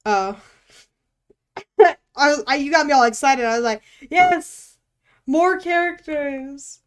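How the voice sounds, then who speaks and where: An art streamer with a high, smooth voice talks at a normal speed while she draws on stream. Her chat is casual and full of self-teasing, offhand swearing and frequent laughter.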